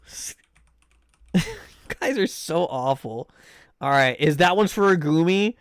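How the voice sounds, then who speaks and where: A male streamer rambles and jokes through a live game session, swearing freely and reacting to his viewers. His voice sits a little high and bounces around with lively swings in pitch. The sound is close and dry, with little room echo. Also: slow pace, smooth. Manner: joking, swearing, rambling, reacting loudly to chat. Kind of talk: casual live-stream commentary while gaming.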